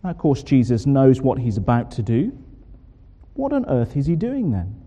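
A man preaching a sermon, expressive and full of rhetorical questions. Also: medium pitch, moderate pace, breathy edge. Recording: long hall reverb.

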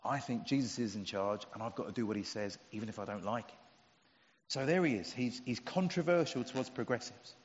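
Preacher in a reverberant church hall. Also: male voice, mid-range voice, a little fast. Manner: conversational, humorous, emphatic. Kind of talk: sermon. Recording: dull sound with long hall reverb.

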